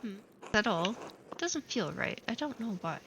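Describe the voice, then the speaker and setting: A woman streamer playing a game, reading every character's lines aloud in her own voice and adding quick casual asides. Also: medium pitch, big pitch swings, noisy background. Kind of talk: let's play, reading game dialogue aloud.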